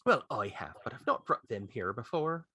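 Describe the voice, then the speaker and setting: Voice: medium pitch, sing-song, moderate pace, slightly rough, no room sound, studio quality, exaggerated voice. A player voicing a chatty travelling trader. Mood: friendly. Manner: warm, chatty in character. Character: cheerful travelling trader and teacher.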